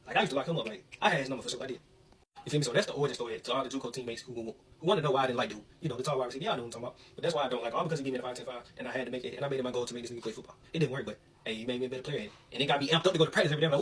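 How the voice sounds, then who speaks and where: A young man from Alabama telling a story in an animated, slangy way. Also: mid-range voice, racing, distant mic, rough recording. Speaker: vlogger. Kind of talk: casual storytelling.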